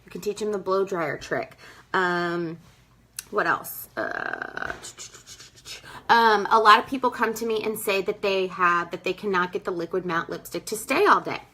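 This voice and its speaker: A woman's voice: medium pitch, a little slow, bright, forceful tone, poor audio. A young woman gives a casual, emphatic sales training talk, calling her listeners "girl" and acting out her customers. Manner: acts out customers in quoted voices. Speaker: direct sales team leader.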